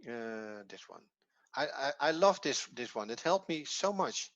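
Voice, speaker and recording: A man's voice: medium pitch, animated, a little slow, a bit bright, no room sound. A man leading a screen-share lesson, enthusiastic and loose, thinking aloud as he moves between materials. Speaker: course teacher. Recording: dry lo-fi audio.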